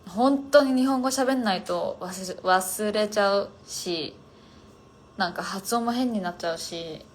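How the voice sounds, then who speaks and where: A woman's voice: medium pitch, a little fast, slight background noise. Rambling young woman on a phone livestream. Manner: rambling, filler-heavy, often trailing off quietly. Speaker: livestreamer chatting with viewers. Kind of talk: casual chat.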